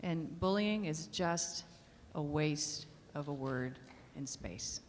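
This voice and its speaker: Panel lady giving earnest pep talk, kinda low voice, echoey hall. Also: animated, slow, slight background noise. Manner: earnest, encouraging. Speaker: voice actress on a panel. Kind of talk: panel answer. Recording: reverberant convention hall.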